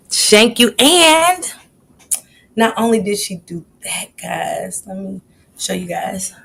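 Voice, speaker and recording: A woman's voice: mid-range voice, fairly bright tone, slight background noise. A woman hosting a casual live stream, chatting and greeting viewers by name.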